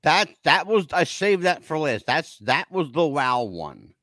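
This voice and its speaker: A man's voice: a little high, big pitch swings, measured pace, pushed and bright, dry recording. A man hosting a casual chat, blunt, profane and opinionated. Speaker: podcast host.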